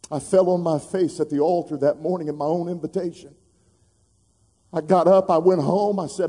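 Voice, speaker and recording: A middle-aged man, preaching a sermon, telling an emotional personal story that builds to loud, fervent preaching. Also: on the high side, fairly even intonation, moderate pace. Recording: long hall reverb.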